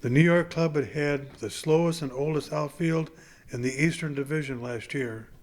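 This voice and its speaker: A man reading a novel chapter aloud in a plain, unhurried way. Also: on the high side. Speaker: audiobook reader.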